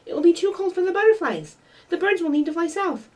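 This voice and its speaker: Woman doing a high, loud, panting young storybook critter in a rush, slightly distant mic. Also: lively intonation, fast talker. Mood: breathless alarm. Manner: gasping, urgent warnings. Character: excited young male woodland animal, breathless, urgent.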